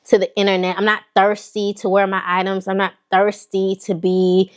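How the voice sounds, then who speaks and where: A woman's voice: mid-range voice, normal speed, smooth. A woman with a Southern accent, chatting casually and sassily to her viewers while showing off a fashion haul. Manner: sassy, animated, talks straight to viewers. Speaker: fashion vlogger.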